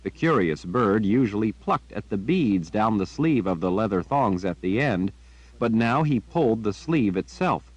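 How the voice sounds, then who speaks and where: A man reading a fantasy novel aloud as a narrator, with measured, unhurried storytelling. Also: fairly low pitch, expressive, darkish tone, slightly rough, no room sound, rough recording. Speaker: audiobook narrator. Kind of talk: scripted narration.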